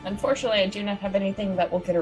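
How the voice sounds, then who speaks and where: A woman's voice: mid-range voice, very fast, a little mellow, faint music behind. A woman playing a tabletop role-playing game over a voice call, playful and checking rules aloud. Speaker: player. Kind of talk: casual tabletop play.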